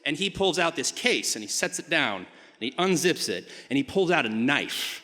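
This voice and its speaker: A man telling a personal story on a live stage, animated and rambling with many fillers, swinging from hushed to shouting. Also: a little high, normal speed. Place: theater stage before a live audience. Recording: hall reverb from a live stage.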